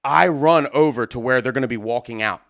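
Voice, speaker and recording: A man hosting a live stream, telling a story in a casual, animated way with lots of fillers. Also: mid-range voice, a little fast. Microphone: studio mic at a desk.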